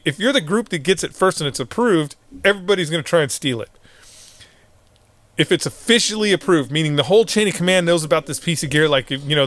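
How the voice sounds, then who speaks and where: A man's voice: on the high side, fairly bright tone, dry recording. A middle-aged man, a former Marine hosting a podcast, telling war stories in casual, profane talk, laughing often and acting out what others said. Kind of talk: casual storytelling.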